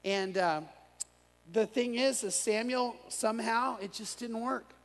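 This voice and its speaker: A man preaching an evening sermon as pastor, telling stories in an animated way with frequent restarts. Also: extremely high pitch, a little slow. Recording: long reverb of a large room.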